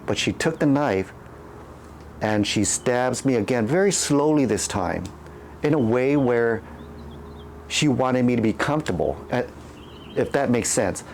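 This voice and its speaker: A man's voice: mid-range voice, a little mellow, a little hiss or hum. A man casually telling a candid personal story, rambling and restarting his sentences. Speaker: channel host.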